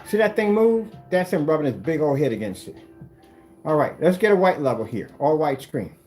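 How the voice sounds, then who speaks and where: A man demonstrating projector screen paint in a combative, animated way, talking straight to his critics. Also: a little high, moderate pace, faint music behind. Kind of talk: product demonstration rant.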